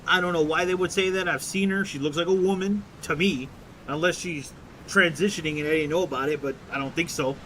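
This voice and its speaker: High-voiced man ranting casually. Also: fairly even intonation, a little fast, fairly bright tone, slight background noise. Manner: profane, rambling, restarts and mocking quotes. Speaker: streamer.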